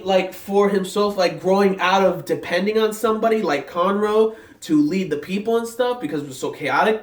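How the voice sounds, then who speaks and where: A young man excitedly rambling through an episode reaction, full of fillers and restarts. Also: high-pitched. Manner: rambling, filler-heavy talk, many restarts; excited, hyped. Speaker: anime reviewer. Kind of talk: casual episode reaction vlog. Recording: echoey room, mic set at a distance.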